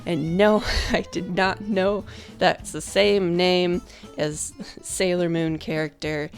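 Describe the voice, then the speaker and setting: A woman's voice: lowish voice, steady tone, slow pace, faint music behind. A young woman in casual chat, announcing her book in an upbeat, chatty way that pokes fun at herself. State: out of breath at first. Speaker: vlogger and author.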